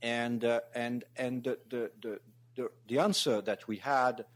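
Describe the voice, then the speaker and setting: A man from France speaks English with a French accent at a mid-range pitch. He gives welcome remarks in a halting way, restarting phrases and filling gaps with uh and you know. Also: steady tone. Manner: halting, many restarts and fillers. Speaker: ambassador, guest speaker.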